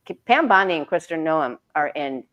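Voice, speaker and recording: A woman's voice: deep voice, animated, normal speed, fairly bright tone, highs cut off. A woman reading tarot on a livestream, chatting emphatically and repeating phrases for effect. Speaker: tarot reader, co-host. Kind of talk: casual live-stream chat.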